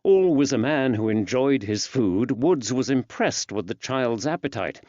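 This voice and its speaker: A man narrating an audiobook in a measured, even storytelling delivery. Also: medium pitch, dry recording. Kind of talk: scripted narration. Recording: dull dry studio sound.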